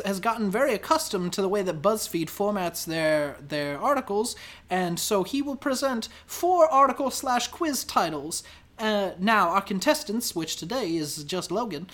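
A loud, boastful redneck who won't stop bragging about his giant truck, as a podcast host puts him on. He talks in a raised, pushy voice that sits higher than a plain speaking voice. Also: heavily acted.

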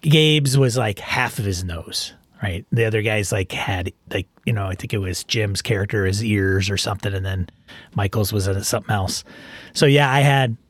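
Relaxed rambling man, dry close sound. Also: on the low side, moderate pace, no echo. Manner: rambling, relaxed, restarts often. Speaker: podcast host. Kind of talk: casual chat.

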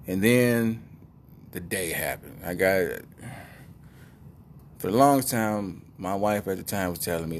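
A middle-aged man tells a funny personal story in a loose, rambling way, full of asides and quick check-ins with his listener. His voice sits fairly low, with a faint rumble underneath. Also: lively intonation.

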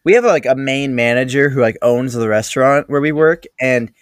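A man's voice: mid-range voice, moderate pace, no echo, clean studio sound. Young guy swearing through a work story. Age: young adult. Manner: swearing, acts out the other people in his stories. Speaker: podcast host. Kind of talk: casual storytelling chat.

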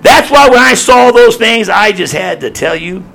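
Preacher man, super lively delivery, gravelly, punchy and emphatic. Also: high voice, moderate pace. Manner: emphatic, repetitive, swinging from loud to hushed. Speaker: pastor. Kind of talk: sermon.

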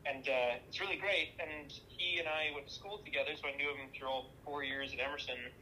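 Guy chatting in an interview, really bright sharp voice, laughs at himself a lot, bit of hiss behind. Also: on the high side, steady tone, rough recording. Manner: chatty, self-deprecating storyteller, quick to laugh. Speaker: film director and producer, guest. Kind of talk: casual interview chat.

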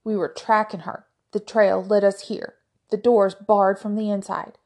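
A woman's voice: medium pitch, flat delivery, measured pace, darkish tone, close to an everyday voice. A woman reading the lines of a big, blunt man insisting he is tracking a thief, in an audiobook. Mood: insistent.

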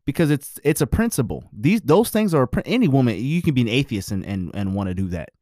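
A man's voice: medium pitch, sing-song, fast, a little mellow, dry recording, studio quality. A married man giving his views in a blunt, preachy, profane casual monologue.

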